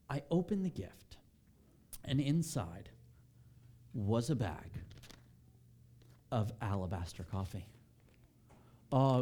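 A man in his thirties preaching a sermon in a church, telling a personal story with lively acted-out quotes before turning to scripture. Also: mid-range voice. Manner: animated storytelling, acts out quotes. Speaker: pastor. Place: church sanctuary.

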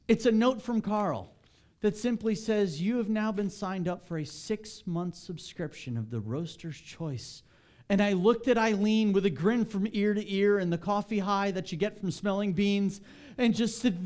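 A male pastor in his thirties speaks to a church congregation. His voice sits a little high and turns animated as he acts out the people in his story. The tone is relaxed and conversational. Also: moderate pace. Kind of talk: sermon. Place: church sanctuary.

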